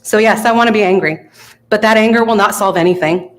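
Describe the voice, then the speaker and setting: A woman's voice: mid-range voice, fast talker. A woman from the local chamber of commerce giving an earnest, emotional public comment to a city council.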